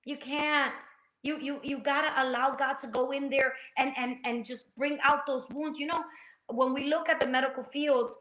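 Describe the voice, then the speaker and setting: A woman tells her faith story with a preacher's passion, her voice high and bright. Her words ring in an echoey room. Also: steady tone, moderate pace. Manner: passionate, preacher-like, acts out quotes. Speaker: guest sharing testimony. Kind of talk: faith-based talk show conversation.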